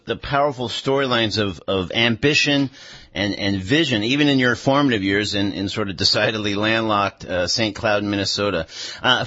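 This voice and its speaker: A man hosting a radio talk show, speaking in a measured way with frequent hesitations. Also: medium pitch, a bit bright, highs cut off.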